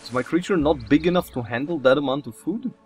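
Excitable man commentating a game. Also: a little high, fast talker. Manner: excitable, talks to the game characters, mild swearing, laughs at himself. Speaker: let's play host. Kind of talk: casual gameplay commentary.

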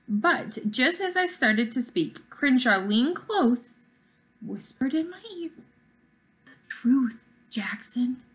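A woman, a teacher, reading a children's novel aloud in an expressive way with varied pacing. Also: on the high side.

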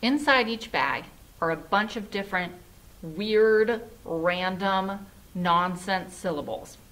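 A woman's voice: mid-range voice, slow, a bit bright. A woman music teacher giving a children's lesson online in a patient, sing-song teacherly way.

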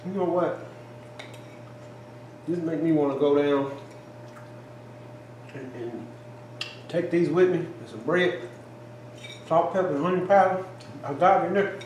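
A man's voice: on the high side, a little slow, long pauses, a little mellow, slight background noise. A man co-hosting a home cooking taste test, exclaiming and chatting folksy in a kitchen. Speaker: cooking channel co-host. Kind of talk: casual taste-test chat. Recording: echoey kitchen, faint ambience.

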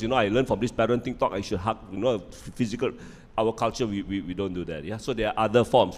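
Brief: middle-aged man, low voice, chatty lecture style, reverberant hall. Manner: conversational, repeats words, asks "yeah?" often. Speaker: parenting talk speaker. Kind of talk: live lecture with humor.

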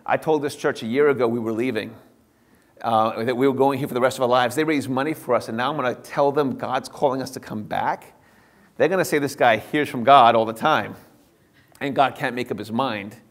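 A middle-aged man, a pastor, giving a personal testimony to a church, earnest and swinging between animated and hushed. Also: medium pitch, fairly quick.

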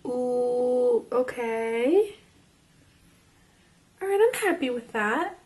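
A young woman casually reviewing makeup as she swatches it, chatty and excitable and half losing her voice. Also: on the high side, extremely slow. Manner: chatty and excitable, drops to whispers. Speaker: beauty vlogger.

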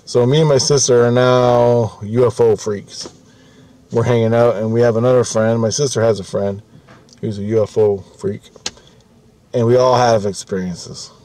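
A man's voice: medium pitch, fairly even intonation, moderate pace, mellow. A man telling a story casually, rambling, swearing often and restarting his sentences. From Canada.

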